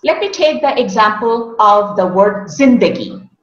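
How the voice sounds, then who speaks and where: A woman whose first language is Hindi works as an accent coach, patiently demonstrating how words should be pronounced in explanatory interview answers. Her medium-pitched voice is animated and unhurried, and the recording is roomy, dull, and lo-fi.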